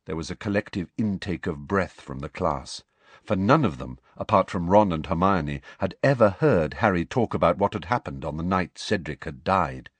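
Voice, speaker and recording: A man narrates a novel with a lower voice that swings widely in pitch. His storytelling is expressive and dramatic. The recording is close and dry, with no room sound. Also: moderate pace, breathy edge, dry recording. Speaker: audiobook narrator.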